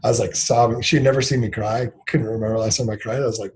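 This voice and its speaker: Mellow-voiced man telling candid stories. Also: mid-range voice. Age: 30s. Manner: reflective, filler-heavy, acts out dialogue in quick bursts. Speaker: company CEO, guest. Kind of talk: candid interview storytelling.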